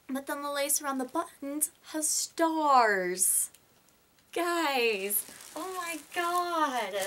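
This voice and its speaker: A young woman vlogger gushing and rambling in a casual unboxing chat, full of excited gasps. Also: fairly high pitch, slight background noise.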